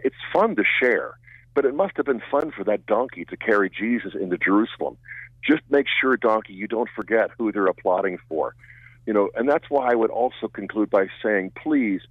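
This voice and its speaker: A man's voice: fairly low pitch, animated, moderate pace, husky, no echo. Older man on a tinny phone line. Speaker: guest. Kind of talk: radio interview.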